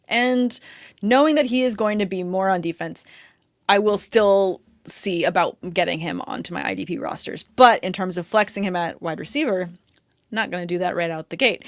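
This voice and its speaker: A woman's voice: medium pitch, dry recording, clean studio sound. A young adult woman co-hosting a fantasy football podcast in casual chat, upbeat and talkative, laughing often.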